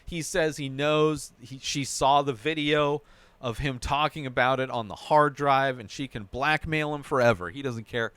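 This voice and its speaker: A man with a smooth, resonant voice, telling the plot of a TV episode on his podcast in loose, chatty runs. He keeps checking in with the listener with a quick "right?". The sound is close and dry. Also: medium pitch, a bit bright, no echo. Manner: narrates plot in a run-on way, often adding "right?". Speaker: podcast host recapping a TV episode. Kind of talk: casual episode recap.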